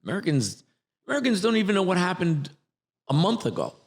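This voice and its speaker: Gravelly, animated New man. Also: sits high, fast. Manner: teasing, rambling, many restarts. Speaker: acting coach, podcast host. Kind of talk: casual chat.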